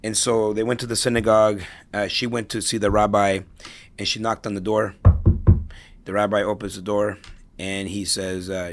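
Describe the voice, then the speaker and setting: A man's voice: fairly low pitch, flat delivery, normal speed. A middle-aged man speaking as an interview guest, telling stories casually and tagging his points with "right?". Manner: storytelling, tags points with "right?". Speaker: interview guest, real estate investor.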